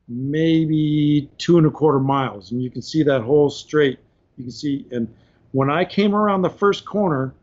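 Man, somewhat high voice, animated casual storytelling, laughs often, dull lo-fi podcast sound. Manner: animated, laughs through his stories. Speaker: podcast guest.

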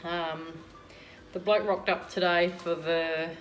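Chatty Australian woman, lowish voice. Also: steady tone, takes it slowly, faint music behind. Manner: chatty and rambling, many ums. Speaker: vlogger. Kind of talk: casual chat to camera.

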